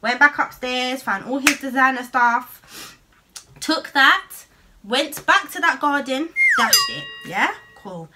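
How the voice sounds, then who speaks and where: A young woman telling a personal story on her vlog, animated, with lots of swearing and street slang. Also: high-pitched, slow, background noise. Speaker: vlogger.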